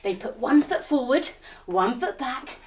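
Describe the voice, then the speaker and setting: A woman teacher telling a children's story while leading a yoga lesson, animated and using sound effects. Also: high voice, a little slow, slight background noise.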